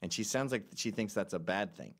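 A middle-aged man hosting a podcast, telling stories in an animated, sarcastic, casual way. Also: on the low side, a little fast. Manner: animated storytelling with sarcastic asides. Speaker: podcast host.

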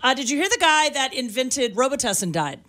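A woman's voice: high-pitched, sing-song, brisk, pushed and bright. A woman co-hosting a morning radio show, trading corny jokes and laughing easily in the studio. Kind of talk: joke-telling morning radio banter. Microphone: studio microphone.

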